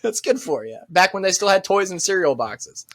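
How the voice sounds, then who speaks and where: Podcast co-host, man, 30s, high voice, animated swearing storyteller. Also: normal speed, no echo. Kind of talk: casual profane banter.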